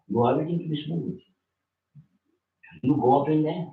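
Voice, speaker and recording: This religious teacher preaches informally, speaking bluntly and confrontationally to a listener in slangy terms. His voice is on the high side, brisk and creaky, broken by long pauses. The audio sounds distant, roomy, and dull.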